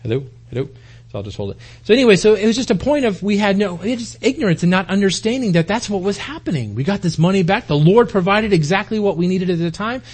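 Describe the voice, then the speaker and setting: Husky high-voiced man preaching casually. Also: expressive, quick pace, hardly any pauses. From United States. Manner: folksy, asks the congregation rhetorical questions. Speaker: pastor. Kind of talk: conversational sermon.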